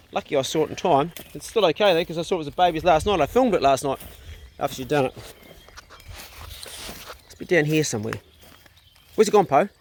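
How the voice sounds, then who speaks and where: Walking his dogs on a farm, a man chats offhand about them while filming on a handheld phone outdoors, farm-vlog style. His voice is on the high side, with a little hiss or hum in the audio.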